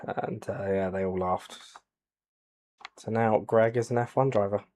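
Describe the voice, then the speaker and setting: A man giving soft-spoken ASMR commentary over a racing game, quiet and low-key, with dry jokes. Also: steady tone, unhurried. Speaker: gaming channel host.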